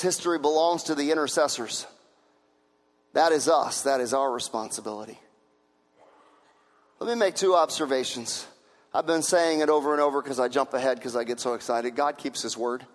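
A man with a notably high voice delivers a sermon, driving his points home through repetition. His words ring out with a long reverb, as if he stands in a large church hall. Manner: repetitive, emphatic preaching, building to shouts. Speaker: pastor.

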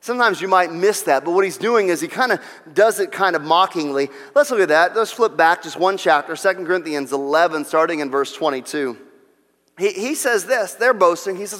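A high-pitched male preacher delivering a sermon, his voice carried by a long reverb. He talks dramatically, his voice climbing and getting louder when he acts out a boast. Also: animated, fairly quick. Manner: dramatic, rising to near-shouting when voicing boasts. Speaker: pastor.

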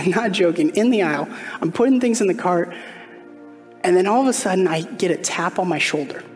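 A man preaching a sermon as pastor, telling a personal story in a conversational way and putting questions straight to the congregation. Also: high voice. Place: church sanctuary. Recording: long hall reverb, faint music behind.

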